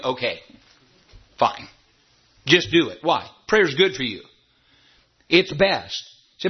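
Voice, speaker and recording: A man preaching a sermon as pastor, emphatic, his voice jumping high when he imitates doubters. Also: big pitch swings, moderate pace, long pauses, husky, dull audio.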